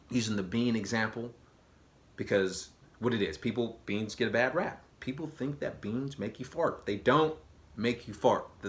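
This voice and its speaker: Slangy, energetic man vlogging. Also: mid-range voice. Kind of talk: casual direct-to-camera talk.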